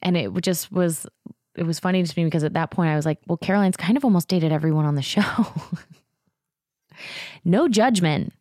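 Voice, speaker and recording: Podcast host, woman, 30s: low, animated storyteller, dry close-miked sound. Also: fast, dry recording. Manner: chatty, animated, many fillers and acted-out quotes. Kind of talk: casual storytelling chat.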